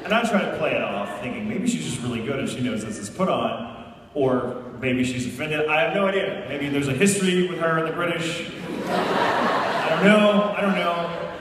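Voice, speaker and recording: A man answering fan questions at a convention panel, telling stories in an animated, playful way and laughing often. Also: fairly high pitch, fairly quick, noisy background. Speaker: guest voice actor. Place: large convention panel room. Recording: echoey hall, distant mic, loud ambience.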